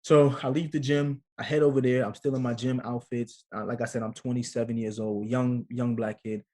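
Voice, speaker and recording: Animated man telling a story. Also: medium pitch, brisk. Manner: animated storyteller, acts out quotes. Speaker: guest, actor and father. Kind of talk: casual storytelling interview.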